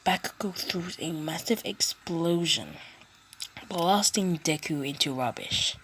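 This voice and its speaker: A woman's voice: deep voice, a bit bright. A woman narrating an invented fan story in a casual, meandering way. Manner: breathy, meandering.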